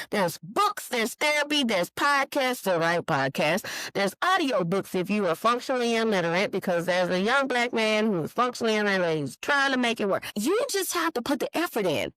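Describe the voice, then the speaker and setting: A woman's voice: on the high side, a little fast, hardly any pauses, no room sound, rough recording. A young woman, hosting a podcast and telling a personal story frankly and animatedly, acting out the dialogue. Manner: animated, frank and profane, acts out quoted dialogue. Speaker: podcast host. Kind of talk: candid storytelling monologue.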